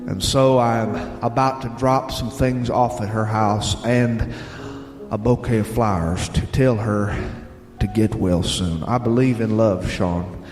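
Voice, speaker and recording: A man's voice: on the low side, fairly even intonation, takes it slowly, a little mellow. Southern male radio host reading listener mail at an easy storytelling pace; reverberant room, bluegrass music behind. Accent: Southern American.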